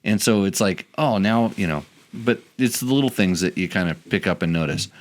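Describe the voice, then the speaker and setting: A man's voice: fairly low pitch, expressive, fairly quick. A man hosting a casual podcast chat, rambling and restarting his sentences as he goes. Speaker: podcast host.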